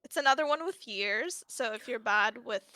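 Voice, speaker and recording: Bright, higher-voiced woman moderator. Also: animated, moderate pace, dry recording. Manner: chatty, asks quiz questions, laughs easily. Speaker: panel moderator. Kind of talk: casual panel discussion.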